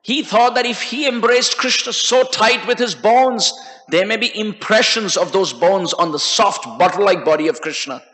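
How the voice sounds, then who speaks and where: A man telling a devotional story in an animated storytelling sermon. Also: high voice, normal speed. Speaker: speaker. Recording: long hall reverb.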